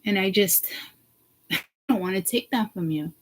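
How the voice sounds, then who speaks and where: A woman vlogger ranting to her viewers, blunt and profane, swinging from hushed asides to loud outbursts. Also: mid-range voice, measured pace, slight background noise, low-quality recording. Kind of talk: ranting to camera.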